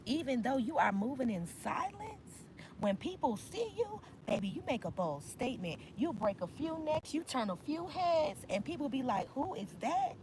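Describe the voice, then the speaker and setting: Woman tarot reader, high bright voice, emphatic and slangy, noisy outdoor take with traffic. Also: very animated, moderate pace. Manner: emphatic, slangy, repetitive affirmations. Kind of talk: casual tarot reading monologue. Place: outdoors in nature.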